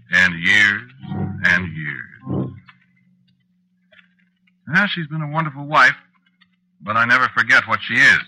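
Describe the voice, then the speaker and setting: An ageless, nervous husband. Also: male voice, fairly low pitch, pushed and bright, husky, heavily acted, low-quality recording. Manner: reflective storytelling, flustered in dialogue. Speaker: narrator. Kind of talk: 1940s radio acting.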